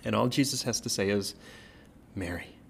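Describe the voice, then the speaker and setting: A man, a pastor, retelling a Bible story in a casual, conversational way, often checking in with "right?" and pausing on fillers. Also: fairly low pitch.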